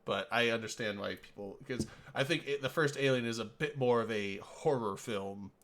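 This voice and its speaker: A young man chats on a podcast with a mid-pitched voice. He hesitates often and fills his talk with likes and restarts. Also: moderate pace, a bit bright. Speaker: podcast co-host. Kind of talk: casual chat.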